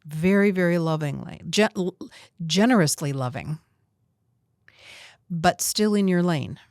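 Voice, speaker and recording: Host-coach, female, lower register, direct and teasing delivery. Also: a little slow, darkish tone, no room sound, studio quality. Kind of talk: coaching conversation.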